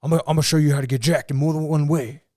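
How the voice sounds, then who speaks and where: A man putting on a loud, swaggering gym bro. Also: a little high, fairly even intonation, racing, no room sound, clean studio sound, pitched above the performer's own voice, close to an everyday voice. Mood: loud boastful. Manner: shouting, show-off swagger. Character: loud, boastful, muscular male gym-goer.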